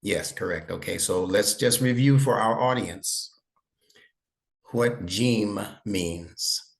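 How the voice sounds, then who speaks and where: A man's voice: on the low side, slow, gravelly. A man teaching an online lesson over a video call, patient and encouraging, praising his student often. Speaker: instructor.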